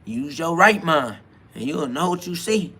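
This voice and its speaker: A man's voice: fairly high pitch, expressive, unhurried, sharp tone, slightly rough. A man hosting a solo self-talk podcast, rambling loosely in with frequent laughs. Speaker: podcast host.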